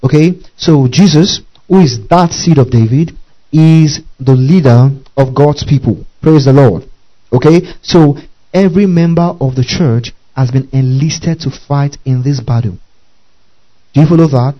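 In this sermon, a man whose voice runs on the high side teaches at a moderate pace, spelling words letter by letter. He calls on the listeners to repeat after him, and the sound quality is dull.

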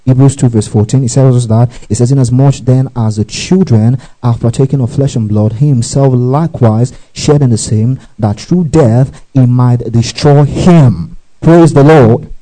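Guy preaching a bible lesson, real dark mellow voice, keeps asking do you follow. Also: medium pitch, normal speed, hardly any pauses, low-quality recording. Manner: teaching with scripture references, frequent call-and-response prompts. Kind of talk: sermon.

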